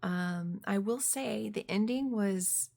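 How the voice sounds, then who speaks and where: A woman chatting about books in a casual vlog, giggling often and fumbling through fillers. She is excitable and talks straight to her viewers in a friendly, everyday voice. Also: mid-range voice, takes it slowly, creaky. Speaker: book vlogger. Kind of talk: casual vlog book review.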